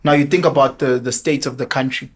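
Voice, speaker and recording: A young South African man telling a story in casual chat, animated and laughing, switching into Zulu now and then. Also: mid-range voice, quick pace. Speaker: podcast guest.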